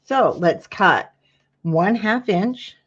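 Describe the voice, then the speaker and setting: A woman's voice: mid-range voice, lively intonation, drawn-out words, breathy edge, dull audio. A woman hosting a casual craft tutorial, talking viewers through measuring and cutting while greeting them by name. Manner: chatty, greets viewers by name mid-task.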